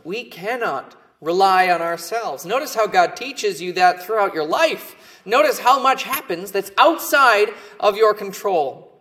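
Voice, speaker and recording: A male pastor preaching with a somewhat high voice. He speaks earnestly and stresses his key words, letting the ends of his phrases drop off quietly. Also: expressive, measured pace, hardly any pauses. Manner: earnest, emphatic preaching with falling phrase endings. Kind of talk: sermon.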